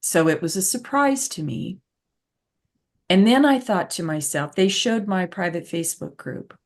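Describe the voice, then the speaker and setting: Woman, patient advocate, slightly low voice, reflective, storytelling. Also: expressive, unhurried. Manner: earnest, reflective, emphatic repetitions. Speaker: patient advocate, podcast host. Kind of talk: conversational storytelling.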